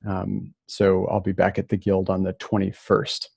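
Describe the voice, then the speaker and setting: A man from Minnesota giving a relaxed, casual lecture remotely, with plenty of fillers and restarts. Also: deep voice, measured pace, vocal fry, slightly rough, no room sound.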